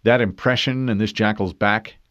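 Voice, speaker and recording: A man's voice: on the low side, steady tone, moderate pace, fairly bright tone, no echo, voice pushed up, lightly acted. A man doing a stiff formal super-soldier. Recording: dull dry studio read.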